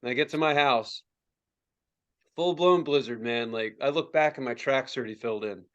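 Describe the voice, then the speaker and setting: A young adult man, a podcast co-host, telling a story in casual chat, swearing freely and acting out quotes in high yelps. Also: moderate pace, muffled recording. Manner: profane, animated, acts out quotes in high yelps.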